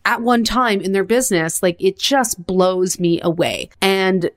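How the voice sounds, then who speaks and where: A woman's voice: mid-range voice, measured pace. A woman hosting her own podcast, talking casually in a blunt, chatty, upbeat way with rambling asides. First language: bilingual, English and French. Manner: blunt and to the point. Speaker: podcast host and business coach.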